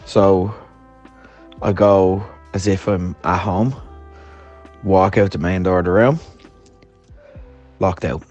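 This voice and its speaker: Guy, hungover, rambling voice-note story, keeps laughing, slow, faint music under it. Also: sits low, darkish tone, lo-fi sound. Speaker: podcast host.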